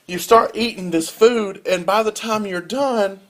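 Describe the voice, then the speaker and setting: A young man, a college student telling a comic rant as a casual vlog with big swings in pitch and loudness. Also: measured pace. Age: young adult. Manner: animated storytelling with wide swings in pitch and loudness.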